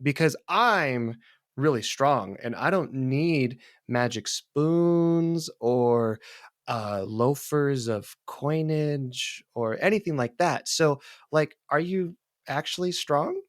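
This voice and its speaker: A man's voice: a little high, expressive, slow pace, no room sound, studio quality. A man voicing a young female wolf-shifter barbarian, blunt and eager to please, in a tabletop game. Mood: challenging.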